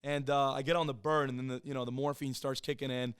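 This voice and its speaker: A man in his thirties talks fast in a smooth, clear voice that sounds close and dry. He is a podcast guest telling his own story in a casual, profane way. He acts out the voices of the people he quotes. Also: mid-range voice, level tone, dry recording. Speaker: podcast guest, former Marine and police officer.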